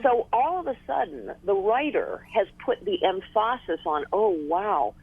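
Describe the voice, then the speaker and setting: Woman, phone-line sound, husky, lively pitch, measured numbered points. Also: dry recording. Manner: measured, lists points one by one. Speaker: guest. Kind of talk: phone interview on talk radio. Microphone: telephone.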